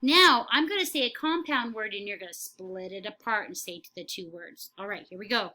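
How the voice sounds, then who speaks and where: A woman teacher leading a phonics lesson for young children, slow and encouraging, saying words for the class to repeat. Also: medium pitch, bright, forceful tone.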